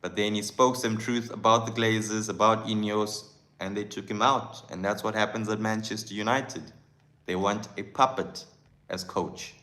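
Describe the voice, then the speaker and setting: A man's voice: fairly low pitch, steady tone, moderate pace, sharp tone. A man hosting a live football fan stream, talking passionately and chattily and greeting viewers by name. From South Africa. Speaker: football channel host.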